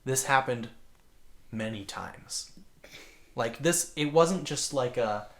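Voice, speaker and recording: Man, mid-pitched voice, podcast co-host, rambling casual storytelling, lots of filler words. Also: expressive, slow pace. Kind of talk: casual chat.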